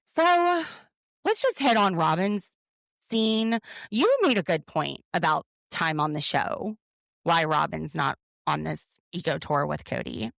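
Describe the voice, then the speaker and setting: A woman's voice: deep voice, expressive, unhurried, gravelly, a bit bright, dry recording, clean studio sound. A woman co-hosting a podcast, recapping a reality show in an opinionated, sarcastic way. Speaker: podcast co-host. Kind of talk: casual recap chat.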